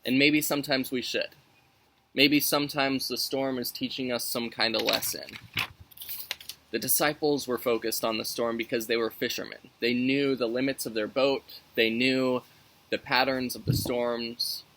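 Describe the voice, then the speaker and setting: A man's voice: mid-range voice, fairly even intonation, moderate pace, a bit bright, low-quality recording. A man leading a youth Sunday school lesson outdoors, talking in a friendly, conversational way as he reads and explains scripture. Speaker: youth minister.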